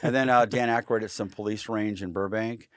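A man telling stories as a guest in a casual podcast interview, rambling and animated, full of "like" and swearing. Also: fairly low pitch, fairly quick, dry recording. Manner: acts out quoted people loudly. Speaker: guest, firearms trainer.

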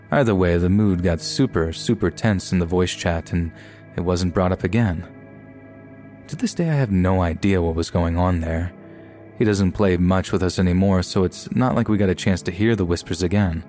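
Deep-voiced man narrating horror stories. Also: a little mellow. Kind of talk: scripted horror story narration. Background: faint background music.

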